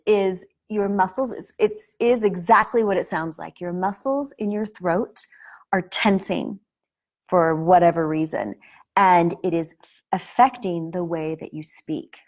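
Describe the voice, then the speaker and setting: A woman acting teacher giving a casual spoken lesson to camera, earnest and explanatory, often restarting her sentences. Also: fairly low pitch.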